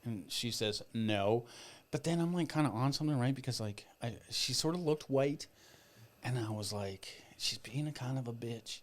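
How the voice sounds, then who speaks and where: A man on a podcast, a comedian telling a story in loose, crude, profane language. His voice sits at a plain middle pitch. He talks casually and bluntly. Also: moderate pace. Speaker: comedian guest.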